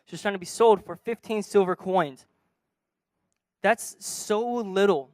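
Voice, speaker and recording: A man preaches from a church stage in a high, smooth and resonant voice. He tells a story and acts out its dialogue, swinging between soft and loud. The recording is close and dry. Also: unhurried, dry recording. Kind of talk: sermon storytelling.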